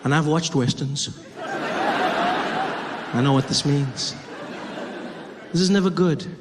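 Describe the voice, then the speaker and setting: Male stand-up comic, high voice, lively storytelling, reverberant hall, audience noise. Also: slow pace, over a noisy crowd. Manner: animated storytelling, acting out scenes. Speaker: stand-up comedian. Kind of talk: stand-up comedy.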